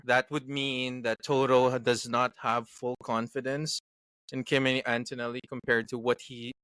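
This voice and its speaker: A man's voice: medium pitch, flat delivery, moderate pace, fairly bright tone, clean tone, dry recording. A man from Canada with a mid-range voice, co-hosting a casual podcast. He talks in a hesitant way, full of ums and restarts, and the sound is close and dry. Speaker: podcast co-host. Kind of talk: casual chat.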